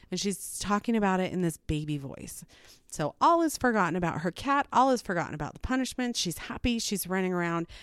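A woman's voice: medium pitch, darkish tone, no echo, studio quality. A mother of four recounts her day in a wry, exasperated way. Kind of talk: personal storytelling narration.

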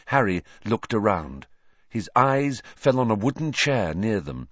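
Low, expressive male storybook narrator. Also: unhurried, no room sound, dull audio. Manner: dramatic, expressive reading. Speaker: audiobook narrator.

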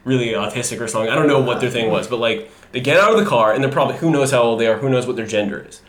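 A man's voice: mid-range voice, racing, over a noisy crowd. A man telling a long, rambling story in casual podcast chat, swearing freely and laughing often. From Los Angeles. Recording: roomy echo.

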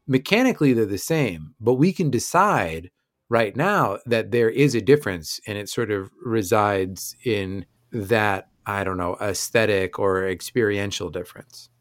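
A man's voice: fairly low pitch, expressive, a little slow. Man running a tabletop game. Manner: explains rules, thinks aloud. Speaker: game master.

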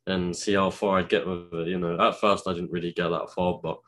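Brief: young male guest, deep voice, relaxed, hesitant and casual. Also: fairly quick. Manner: laid-back, hesitant, filler-heavy. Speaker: guest, social media creator. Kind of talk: casual interview chat.

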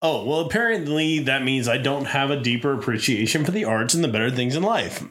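A man from a small town in the United States, hosting a casual podcast chat; blunt and animated, swearing freely as he tells stories. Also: medium pitch, brisk.

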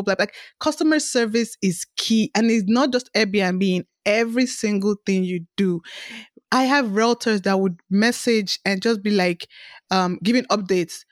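A woman's voice: mid-range voice, moderate pace, no room sound, studio quality. A woman hosting a casual podcast chat, talking animatedly and acting out cheerful customer-service messages. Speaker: podcast host.

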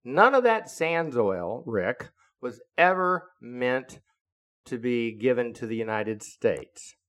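A man in his seventies, a retired naval officer, telling a story in an indignant, deliberate, lecturing way. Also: mid-range voice, expressive, fairly bright tone. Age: 70s. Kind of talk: casual storytelling monologue.

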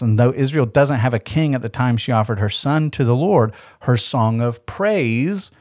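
A man's voice: medium pitch, darkish tone, no echo, clean studio sound. A man teaching through a Bible passage in a podcast, conversational and explanatory, often asking rhetorical questions.

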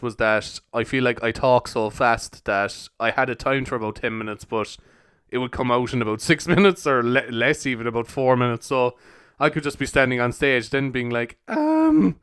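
Young man, casual podcast host, rambling, smooth clear voice, dry close sound. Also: mid-range voice, a bit bright, no echo. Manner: rambling, laughs often, heavy use of fillers. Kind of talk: casual solo podcast rant.

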